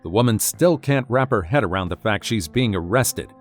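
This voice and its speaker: A man reads scripted narration in a low, steady voice. Soft music plays behind him. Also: normal speed.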